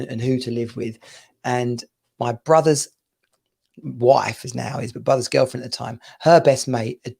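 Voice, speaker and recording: A man's voice: medium pitch, gravelly, a little mellow. A man from the UK in his thirties, hosting a casual podcast chat and rambling through stories between laughs. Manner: rambling, chatty storyteller who laughs often. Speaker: podcast host.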